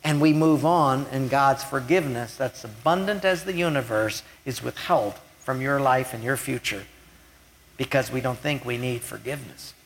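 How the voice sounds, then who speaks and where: A man preaching a sermon, retelling a scripture story and swinging between loud emphasis and hushed lines. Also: medium pitch, normal speed, a little hiss or hum. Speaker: pastor.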